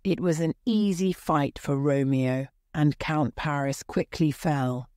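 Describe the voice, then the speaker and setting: A woman reading a simple story aloud for English learners, slow and careful. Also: deep voice, mellow, dry recording, clean studio sound. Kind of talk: slow graded-reader narration for English learners.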